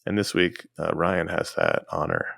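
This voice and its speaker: A man's voice: low-pitched, sing-song, moderate pace, vocal fry, a bit bright, slightly rough, dry recording, studio quality. A man co-hosting a podcast in a casual, chatty way, running through announcements and listener emails. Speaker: podcast co-host.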